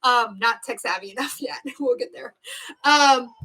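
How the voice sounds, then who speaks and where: A woman's voice: on the high side, measured pace, bright, forceful tone, rough recording. A woman exam prep instructor teaching a live-streamed review lesson, stressing key words and repeating them to drill the point. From United States.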